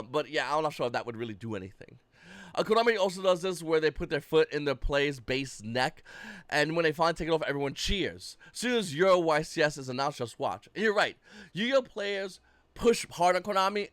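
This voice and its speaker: Guy with a kinda high voice ranting about card games, cussing a lot, dry close sound. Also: brisk, dry recording. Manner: blunt, profane, animated. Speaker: YouTube card-game commentator. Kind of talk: casual ranting commentary.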